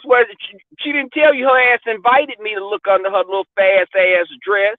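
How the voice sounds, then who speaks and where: A man chatting candidly as a podcast host, blunt and profane, telling lively stories. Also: sits high, normal speed, no room sound. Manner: blunt, profane, animated storyteller. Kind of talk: candid casual chat. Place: car. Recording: dry tinny phone-like sound.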